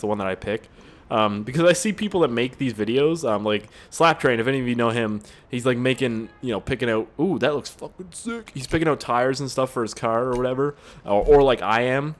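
Young male gaming YouTuber: animated delivery, crude and sweary humor, rambling asides. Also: medium pitch, brisk. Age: 20s. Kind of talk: gameplay commentary.

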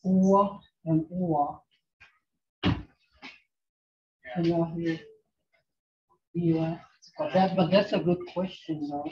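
A woman teaching a language class online, speaking slowly and patiently and repeating phrases for her students. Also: lowish voice, steady tone, mellow. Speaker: language instructor. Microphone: video call. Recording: dull lo-fi video call audio.

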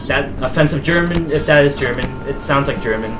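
A man's voice: medium pitch, a little fast, hardly any pauses, over music. A young man streaming a horror game. He reads the in-game diary notes aloud, mutters to himself, and swears and yelps at the scares. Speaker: gameplay streamer.

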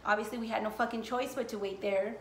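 A woman's voice: on the high side, steady tone, fast, fairly bright tone, echoey room, a little hiss or hum. A woman from the United States telling a casual storytime vlog, rambling with lots of swearing and filler words. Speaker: vlogger.

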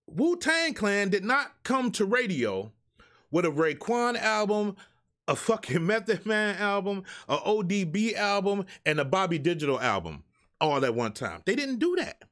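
On his own live show, a man with a high, slightly bright voice rants at a normal speed in a very animated way. His live stream talk is profane and exasperated, directed at those who submit music to him.

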